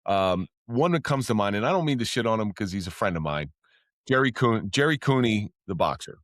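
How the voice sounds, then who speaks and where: A man who used to be a police officer, a podcast guest telling stories in casual talk. He speaks candidly, swears freely, and his voice jumps up when he gets excited. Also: fairly low pitch, fairly quick, no echo, studio quality. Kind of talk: casual storytelling.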